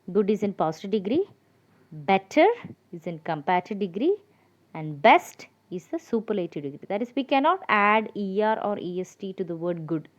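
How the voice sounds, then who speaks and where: A woman's voice: mid-range voice, muffled recording. A woman teaching an English grammar lesson, explaining patiently and spelling out words letter by letter, with frequent hesitations.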